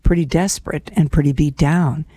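A woman's voice: sits low, fairly even intonation, normal speed, mellow, breathy edge, no echo, clean studio sound. A woman hosting a devotional show, reflecting on scripture in an earnest, personal, conversational way and calling her listeners friends.

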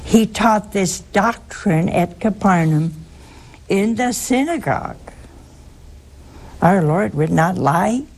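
An older woman hosting a religious call-in show, teaching slowly and emphatically with sudden high rises. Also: animated, a little mellow. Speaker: religious radio host answering callers.

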